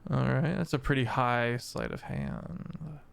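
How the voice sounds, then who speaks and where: A man serving as game master for a tabletop game describes scenes in a medium-pitched, creaky yet smooth voice at a measured pace. He searches for words as he goes, with fillers and restarts.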